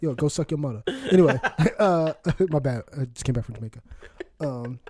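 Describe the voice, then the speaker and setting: A man's voice: medium pitch, a little fast, darkish tone, husky, no echo, studio quality. A man in his twenties co-hosting a casual podcast chat, laughing often and rambling through many restarts and fillers. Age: 20s. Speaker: podcast co-host.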